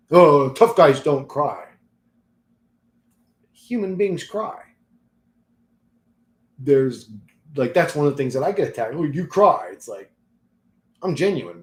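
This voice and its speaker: A man's voice: on the high side, mellow, roomy sound. A man hosting his own channel, ranting bluntly and profanely in a casual vlog, laughing often between points. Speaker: channel host.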